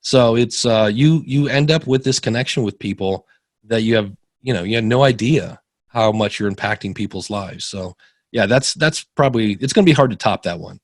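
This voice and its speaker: A man's voice: lowish voice, normal speed, dry recording, studio quality. A middle-aged man guesting on a podcast, telling stories casually and acting out the people he quotes with big jumps in his voice. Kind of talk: casual interview storytelling.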